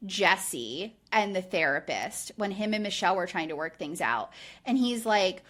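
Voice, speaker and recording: This podcast co-host speaks at a medium pitch and an even, moderate pace. Her casual recap chat is animated, full of "like," and she performs the quotes she repeats.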